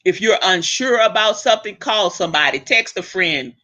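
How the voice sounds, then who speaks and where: Hosting her own show, a woman delivers a blunt monologue at a moderate pace, swearing freely. Her forceful, bright voice makes sudden, animated leaps in pitch, and the recording sounds dull and lo-fi.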